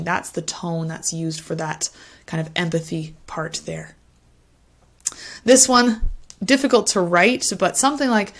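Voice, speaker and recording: A young woman explains speaking skills in an online lesson, her voice sitting a little low. She models short responses with deliberate, varied intonation, recorded through a webcam mic. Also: gravelly. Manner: demonstrates phrases with varied intonation. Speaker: English test teacher.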